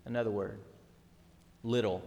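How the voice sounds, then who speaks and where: A man's voice: fairly low pitch, steady tone, a little slow, vocal fry, dark tone. A middle-aged man preaching a sermon as pastor, earnest and emphatic, with repeated words and rhetorical questions. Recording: long hall reverb.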